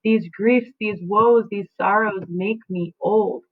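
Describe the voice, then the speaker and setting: A woman reading aloud as a grieving, indignant older female nurse, slow and emphatic. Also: mid-range voice, slight background noise, lightly acted. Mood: bitter. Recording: tinny phone-like sound.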